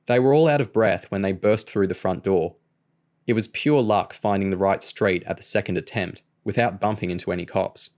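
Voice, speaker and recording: Male audiobook narrator, lowish, steady and even. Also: moderate pace. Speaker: audiobook reader.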